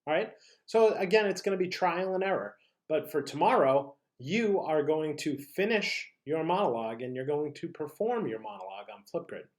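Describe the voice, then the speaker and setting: An upbeat teacher at a mid pitch, leading a recorded online lesson. The delivery is encouraging, with steady check-ins with the students. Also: moderate pace, few pauses. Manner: upbeat, encouraging, leads warm-ups and tongue twisters. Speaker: drama and language teacher.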